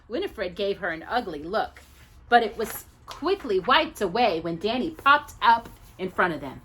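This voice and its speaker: A woman reading a storybook aloud as the storyteller, expressive and animated. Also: medium pitch, moderate pace, slight background noise.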